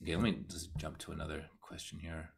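A man with an American accent giving a casual live online cello lesson, explaining ideas and counting beats out loud. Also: rumbling low, little pitch movement, quick pace, creaky, slightly rough. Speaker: cello teacher. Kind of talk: live online masterclass talk.

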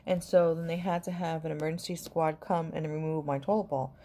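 Woman, middle-aged grandmother, casual vlog chat, rambling and affectionate, low-pitched voice. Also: steady tone, fairly quick, mellow. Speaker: vlogger.

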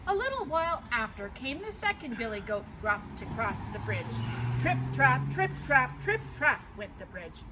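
A woman pastor reading a folk tale aloud with animated, theatrical storytelling. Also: sits high, normal speed, very noisy.

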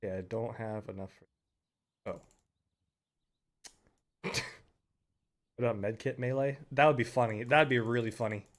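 A young man giving live commentary on a game, excitable, breaking into loud yells and laughter. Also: medium pitch, moderate pace, long pauses. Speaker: game streamer.

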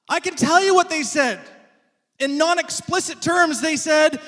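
A male preacher giving a sermon, telling stories in an animated way and asking rhetorical questions. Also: extremely high pitch, normal speed, big-room sound.

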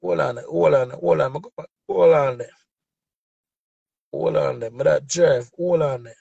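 Jamaican man, excitable caller, high and raspy, keeps cutting in. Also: normal speed, no echo, highs cut off. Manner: excited, insistent, repeats himself. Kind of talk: casual livestream banter.

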